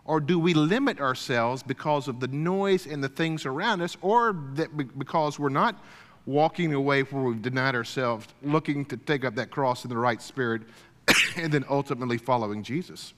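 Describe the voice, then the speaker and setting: A man's voice: medium pitch, normal speed, fairly bright tone. Man preaching in a reverberant hall. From Deep South, USA. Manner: folksy, clears his throat often, many fillers and restarts. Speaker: speaker at a church gathering. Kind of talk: storytelling sermon.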